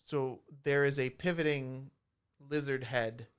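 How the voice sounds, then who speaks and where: A man narrating as dungeon master in a relaxed, chatty way with many fillers. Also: medium pitch, unhurried, clear, resonant tone. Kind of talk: narrating a tabletop game. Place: college radio studio.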